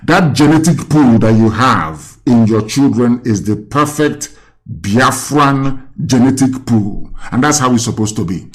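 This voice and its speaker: A man's voice: medium pitch, lively intonation, measured pace. A man with a Nigerian accent hosting a live call-in talk, lecturing and asking the caller rhetorical questions. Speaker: host.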